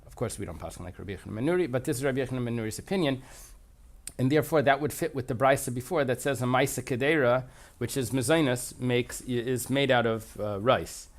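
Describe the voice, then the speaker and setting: A man's voice: medium pitch, quick pace. A man teaching a Talmud passage, reading Aramaic phrases aloud and translating them as he thinks aloud. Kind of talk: explanatory lesson.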